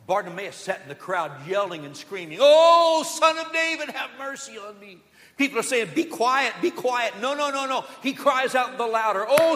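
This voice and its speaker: A man preaching in a high, bright voice, moving between loud declarations and hushed asides as he tells stories. The sanctuary adds a long reverb to every word. He preaches like a pastor leading his congregation. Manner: storytelling with quoted voices. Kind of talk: sermon. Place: church sanctuary. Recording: long church hall reverb.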